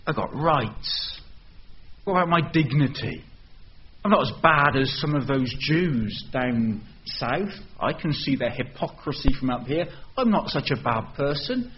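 A man's voice: medium pitch, expressive, measured pace, lo-fi sound, pitched above the performer's own voice, lightly acted. A preacher voicing an indignant mother who protests that she is a decent person, in a raised, outraged voice. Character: indignant proud mother, offended and self-justifying.

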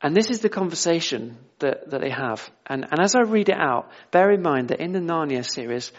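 A man's voice: on the high side, animated, fairly quick. A man preaching an informal sermon in a conversational way, with restarts and rhetorical questions, on a dull lo-fi recording.

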